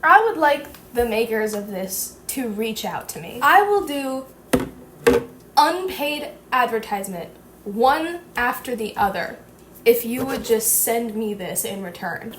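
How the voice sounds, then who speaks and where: A young woman with a slightly high voice chats playfully through a casual home how-to vlog. She gushes and jokes as she goes. A faint hiss sits under the recording. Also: lively intonation, a little slow. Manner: chatty, playful and gushing. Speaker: vlogger.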